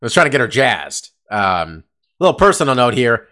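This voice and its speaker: A man's voice: mid-range voice, sing-song, normal speed, bright, forceful tone. Rambling, profane podcast guy. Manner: rambling, profane, uses lots of fillers. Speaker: podcast co-host. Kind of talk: casual chat. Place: California.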